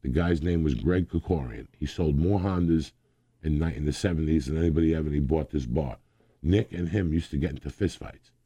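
Guy in his 60s, dark low voice, dry close sound, goes off on long animated tangents. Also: fairly quick, breathy edge, no room sound. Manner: rambling, animated, laughs a lot. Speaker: guest. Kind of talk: casual storytelling.

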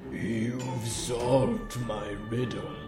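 A man voicing a gravelly ancient stone guardian of a gate, speaking slowly in a low voice. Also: little pitch movement, roomy sound, over music. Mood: relieved. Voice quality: gravelly, slow.

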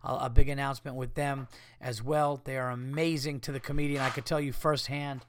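A man's voice: mid-range voice, little pitch movement, a little fast, no echo. A man in his thirties with an American accent, hosting a podcast in a casual comedic monologue, ranting and swearing with exasperation. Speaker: podcast host.

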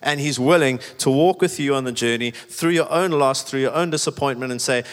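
Pastor preaching in echoey hall. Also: male voice, mid-range voice, a little fast, hardly any pauses. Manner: conversational, emphatic preaching with many "like"s. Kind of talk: sermon. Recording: echoey hall with long reverb.

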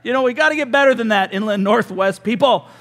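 A man preaching a sermon as pastor, telling funny stories in an animated, joking way. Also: extremely high pitch, quick pace, in a large hall. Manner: joking, animated storytelling with laughs.

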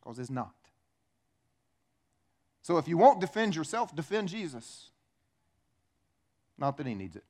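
A man preaching a sermon as pastor, animated, acting out little dialogues in changing voices. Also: a little high, a little slow, pauses often. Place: church.

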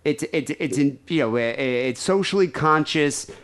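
A man's voice: fairly high pitch, lively intonation, moderate pace, a bit bright. A man co-hosting a comedy podcast, blunt and stammering, in casual chat. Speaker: podcast co-host.

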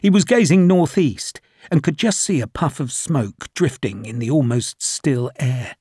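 Man narrating an audiobook, slightly raspy voice, steady storytelling, dead dry close mic. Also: medium pitch, dry recording. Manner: measured, even storytelling.

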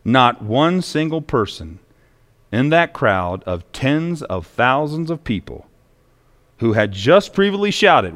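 A man's voice: medium pitch, sing-song, slow pace, fairly bright tone. A male pastor preaching a sermon in a church, telling stories with emphatic repetition. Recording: long echoey reverb.

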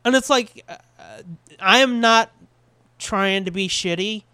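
A man co-hosting a podcast, chatting casually with lots of swearing and quick voice impressions. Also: high-pitched, clear, resonant tone, no echo. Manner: animated, swears a lot, mimics voices. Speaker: podcast co-host. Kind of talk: casual profane chat.

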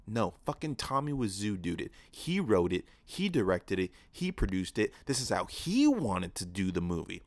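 Low-voiced man ranting on his podcast. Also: normal speed, hardly any pauses, dry recording. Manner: profane, animated storytelling with mock quotes. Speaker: podcast host. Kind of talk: casual solo podcast rant. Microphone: podcast microphone.

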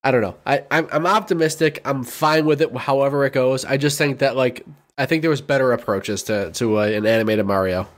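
A man's voice: medium pitch, brisk. A man co-hosting a gaming podcast, talking laid-back and loose, full of "dude" and "like". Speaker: podcast co-host. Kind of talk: casual gaming podcast chat.

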